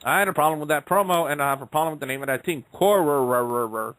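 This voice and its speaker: Man, radio show host, high voice, dry close sound, rambling jokey wrestling recap. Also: very fast, sharp tone, no room sound, rough recording. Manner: rambling, jokey, repeats lines for laughs.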